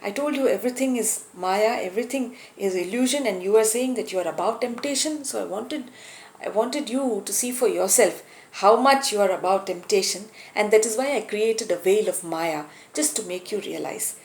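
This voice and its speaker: A woman voicing a calm, wise male god who patiently explains a lesson. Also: medium pitch, moderate pace, roomy sound, a little hiss or hum, close to an everyday voice.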